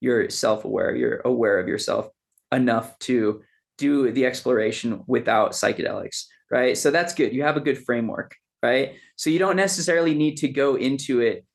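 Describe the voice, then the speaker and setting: Gravelly guy on a podcast, mid pitch, chatty and animated, lots of dude and man. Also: normal speed. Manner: animated storyteller, says "dude" and "man" a lot. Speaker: podcast guest. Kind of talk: casual podcast chat.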